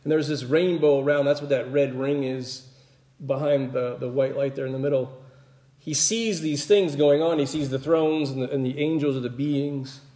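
A man giving a relaxed, conversational Bible teaching, explaining as he goes and often checking in with his listeners with a quick "right?". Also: medium pitch. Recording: roomy echoey room.

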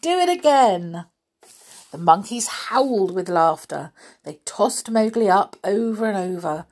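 A woman reading a children's story aloud as a storyteller, in a gentle, chatty manner with small fillers. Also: mid-range voice, measured pace.

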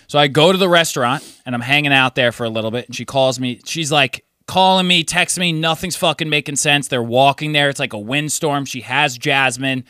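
Bright, kinda high-voiced guy telling a messy story, swearing, dry close mic. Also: a little fast, few pauses, clean tone, dry recording. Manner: animated storyteller, swears freely, acts out friends in high voices. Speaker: podcast co-host. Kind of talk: casual storytelling chat.

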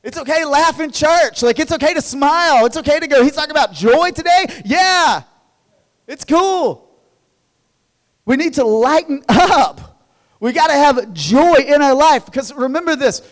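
A high-pitched man in his thirties preaches to his church with lively, conversational energy. He stumbles and repeats himself as he gets going. His voice rings with the long reverb of a large hall. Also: unhurried. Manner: energetic, conversational, repeats words when excited. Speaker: pastor. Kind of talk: sermon.

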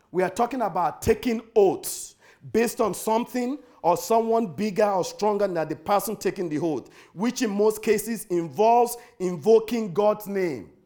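A man preaching a sermon with emphatic repetition, swinging from loud exhortation to hushed pleading. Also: high-pitched. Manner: pleading, earnest. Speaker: pastor.

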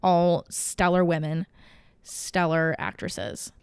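A woman's voice: lowish voice, slow, darkish tone, clean tone, no room sound. A young woman vlogging in a casual, gushing way, rambling with fillers and self-corrections. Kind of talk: casual chat to camera.

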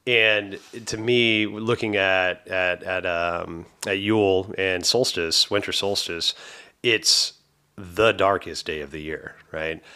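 A man co-hosting a casual conversation, halting with fillers, then musing reflectively. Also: deep voice, sharp tone. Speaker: co-host.

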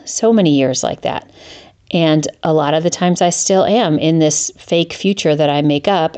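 A middle-aged woman hosting a solo podcast, candid and profane, with her voice jumping up high when she rants in exasperation. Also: darkish tone. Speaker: podcast host.

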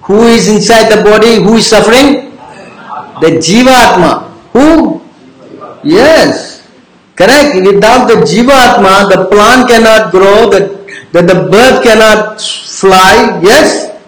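A man with a high-pitched voice leads a devotional class in an echoey room. He keeps quizzing the listeners, teasing them and repeating his questions until someone answers. His delivery is informal and repetitive. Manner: keeps quizzing the audience with "yes? understand?". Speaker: religious teacher.

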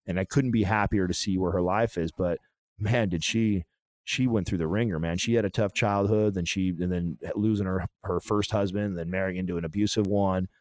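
A man's voice: deep voice, fairly even intonation, normal speed, darkish tone, no echo, studio quality. A podcast co-host in his thirties talking candidly in a blunt, profane, emphatic way.

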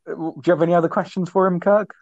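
A man's voice: high voice, fairly even intonation, a little mellow, no echo. A young man co-hosting a casual podcast over a phone call, teasing and jokey. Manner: teasing, jokey, quick to laugh. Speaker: co-host.

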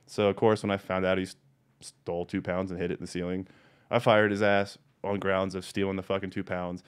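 A man's voice: low-pitched, brisk, clean tone. A man hosting a podcast, telling blunt, profanity-laced stories in a casual chatty way. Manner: profane, blunt, animated storyteller. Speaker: podcast host. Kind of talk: casual storytelling.

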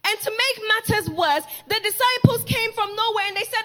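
A woman's voice: extremely high pitch, moderate pace, hardly any pauses, a bit bright. A woman preaching a sermon, telling the story dramatically, repeating key lines for emphasis and acting out the people in it. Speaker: pastor's wife preaching.

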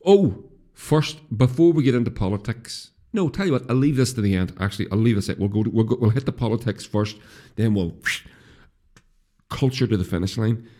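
Deep-voiced Northern Irish man, rambling. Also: expressive, fairly quick, mellow. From Northern Ireland. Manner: rambling, swears freely, many restarts. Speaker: podcast host. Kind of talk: casual solo podcast chat.

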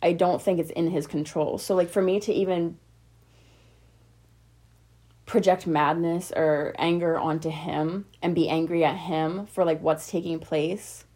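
A young woman speaks straight to her viewers in a personal, emotional vlog. Her voice sits a little low, and she rambles in loose, heartfelt sentences full of likes and okays. She sounds close to tears as she talks. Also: steady tone, unhurried, warm tone, husky. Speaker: vlogger.

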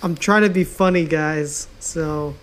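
A man's voice: fairly high pitch, measured pace, fairly bright tone. A man co-hosting a casual podcast chat, laid-back and slangy, swearing easily. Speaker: podcast co-host.

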